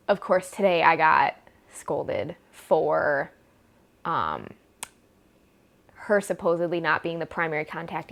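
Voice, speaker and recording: Woman, young adult, casual storytime vlog, exasperated, sarcastic, rambling, low-ish pitch. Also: vocal fry. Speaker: vlogger.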